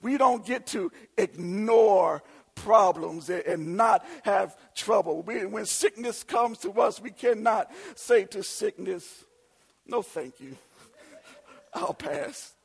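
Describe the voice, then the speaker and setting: A preacher with a very high, husky voice delivers a sermon to his congregation. He calls out to the room and builds his points into shouted, repeated refrains. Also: slow.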